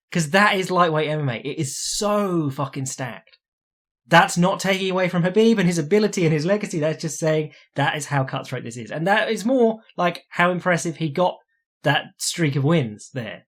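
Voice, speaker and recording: Animated, sweary man. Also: fairly high pitch. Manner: animated, sweary, mocking voices when quoting others. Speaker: podcast host. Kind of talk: casual chat.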